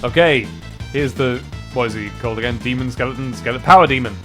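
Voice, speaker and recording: A man chatting while streaming a game, excitable and given to humming and scatting tunes, a bit stuffy from hay fever. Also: mid-range voice, quick pace, faint music behind. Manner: chatty, hums and scats tunes, excitable outbursts. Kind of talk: casual let's play commentary.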